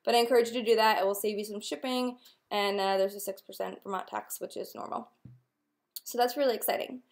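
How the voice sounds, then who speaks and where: A woman's voice: mid-range voice, steady tone, quick pace. A young woman talking casually to camera as a nail wrap consultant, chatty and upbeat, with lots of filler ums. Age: young adult. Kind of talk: casual direct-to-camera vlog.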